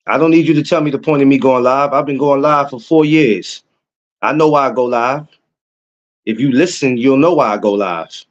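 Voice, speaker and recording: A man's voice: medium pitch, moderate pace, dull audio. Hyped man chatting on a livestream. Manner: excitable, repeats himself, talks to chat viewers. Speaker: podcast host. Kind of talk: casual livestream chat.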